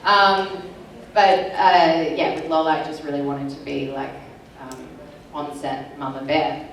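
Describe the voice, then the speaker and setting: A woman's voice: low voice, little pitch movement, unhurried, slight background noise. A woman in her thirties talking casually on a convention panel, giggly and rambling. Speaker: panel guest. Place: large convention hall. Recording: echoey hall from far off, crowd.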